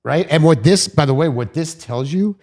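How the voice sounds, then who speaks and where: A man's voice: on the high side, normal speed, darkish tone. A man hosting an interview podcast, eagerly cutting in with questions and reactions. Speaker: podcast host. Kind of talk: casual interview chat.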